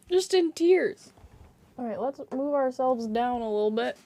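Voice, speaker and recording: A woman streamer with a very high voice chats casually on a live stream from her home setup and reads viewer comments aloud. She talks slowly and giggles constantly through her words, laughing to tears. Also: dark tone. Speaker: game streamer.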